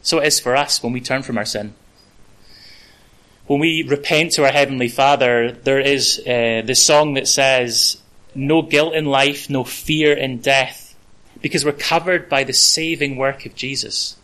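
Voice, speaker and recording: A man's voice: mid-range voice, normal speed, sharp tone, poor audio. A man preaching a conversational sermon, with casual asides and the odd filler.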